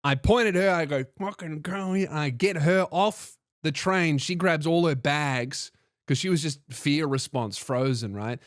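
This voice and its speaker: This is a man with a fairly high voice, hosting a comedy podcast and spinning an excitable story. He swears freely and jumps up in pitch whenever he acts out what someone said. The sound is close and dry, with no room around it. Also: a little slow, no room sound. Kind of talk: animated storytelling.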